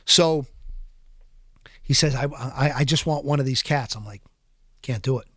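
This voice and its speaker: A man who is a podcast guest, telling prison stories in an animated, profane, streetwise way in a casual interview. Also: medium pitch, unhurried, no echo, clean studio sound. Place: podcast studio.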